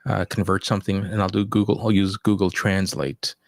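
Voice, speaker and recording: Gravelly low-voiced man from Canada. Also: level tone, brisk, no echo, clean studio sound. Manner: easygoing, chuckles at his own anecdotes. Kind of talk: casual chat.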